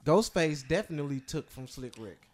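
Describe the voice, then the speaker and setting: A man's voice: on the high side, fairly quick, a crowd in the background. A man hosting a casual hip-hop podcast, debating rankings and counting down a list. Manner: animated, ranks and counts down a list. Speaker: podcast host.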